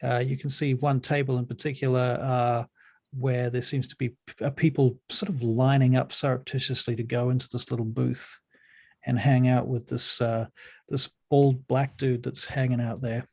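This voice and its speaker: A man running a tabletop role-playing game as game master, narrating in a relaxed way with many ums. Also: mid-range voice, moderate pace, creaky. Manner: relaxed, full of ums and uhs.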